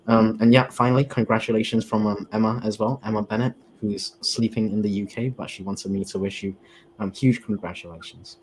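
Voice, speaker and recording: A man on a video call, introducing himself in a relaxed, casual way with many fillers. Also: fairly low pitch, fairly quick, a little hiss or hum. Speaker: panel guest. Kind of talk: casual chat.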